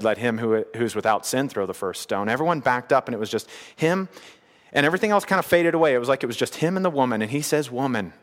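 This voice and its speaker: A man's voice: mid-range voice, fairly bright tone, long reverb tail. A man in his thirties preaching a sermon, earnest and conversational, repeating his key phrases. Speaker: pastor.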